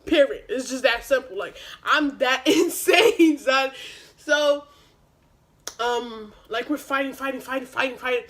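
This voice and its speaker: High-voiced young woman telling a story. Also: measured pace, low-quality recording. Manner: animated, profane, slangy retelling. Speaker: vlogger. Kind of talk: casual storytime.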